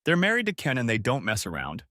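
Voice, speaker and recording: A man's voice: mid-range voice, huge pitch swings, fast talker, sharp tone, no room sound, clean studio sound. A male narrator voicing a frantic, insistent female friend who talks bluntly and with exasperation, in an audiobook reading. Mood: exasperated. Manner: pressing, exasperated.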